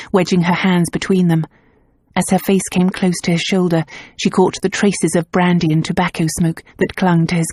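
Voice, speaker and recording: Woman, audiobook narration, measured, low pitch, dry booth sound. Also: dry recording. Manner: measured, even storytelling. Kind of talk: scripted narration.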